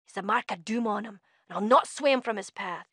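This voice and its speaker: An actress playing a fierce, prickly young fiend-blooded woman in a video game, sharp-tongued and hostile. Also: medium pitch, brisk, slightly rough, no echo, studio quality. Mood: hostile, scornful. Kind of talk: video game character dialogue.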